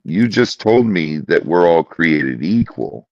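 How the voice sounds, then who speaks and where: Podcast co-host, male, very low voice, unhurried storyteller, dry muffled sound. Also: big pitch swings, darkish tone, no echo. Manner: slow, deliberate storytelling. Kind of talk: casual chat.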